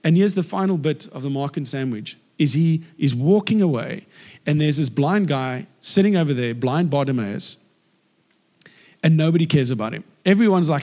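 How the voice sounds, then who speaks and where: Male preacher, animated and chatty, slightly high voice, reverberant church hall. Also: normal speed. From South Africa. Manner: lively, acts out the people in the story. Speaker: guest preacher. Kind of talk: conversational sermon.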